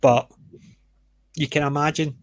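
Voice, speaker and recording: A Scottish man hosting a stream, chatting casually about a book, self-mocking and quick to laugh. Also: on the high side, little pitch movement, no room sound. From Scotland. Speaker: stream host.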